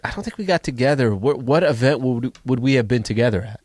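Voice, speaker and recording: A male radio host with dry humor in relaxed studio chat. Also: medium pitch, fast, no room sound.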